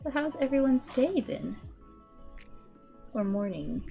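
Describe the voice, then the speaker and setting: A woman's voice: high voice, sing-song, takes it slowly, gravelly, mellow, faint music behind. A young woman streaming while she paints, rambling in casual chat with lots of fillers and restarts. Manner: rambling and chatty, many "like"s and restarts. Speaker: VTuber streamer.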